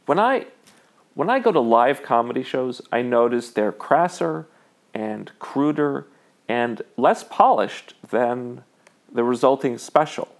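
A man delivering an opinion monologue in a measured, emphatic way, with frequent "you know" fillers. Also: medium pitch, lively intonation.

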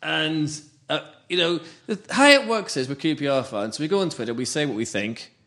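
A man's voice: a little high, animated, a little fast, a bit bright. A middle-aged man from Northampton, co-hosting a casual football podcast in a blunt, self-mocking, argumentative way. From Northampton, England. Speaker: podcast co-host. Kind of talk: casual chat.

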